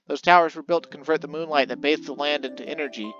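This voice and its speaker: A man's voice: fairly high pitch, steady tone, fast, fairly bright tone, dull audio, close to an everyday voice. A man voicing a solemn ancient male spirit who speaks in archaic, formal words, with faint game music behind.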